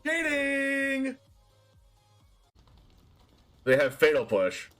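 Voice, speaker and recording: A young man streaming a card game, reacting to his plays with excited shouts, laughter and groans. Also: extremely high pitch, very slow, faint music behind. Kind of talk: excited live gameplay commentary.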